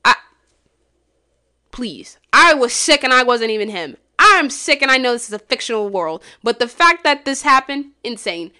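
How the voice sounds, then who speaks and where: Bright-voiced woman ranting casually. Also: moderate pace, smooth. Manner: animated, swings from low mumbles to loud exclamations; blunt and profane. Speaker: podcast host. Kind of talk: casual solo podcast chat.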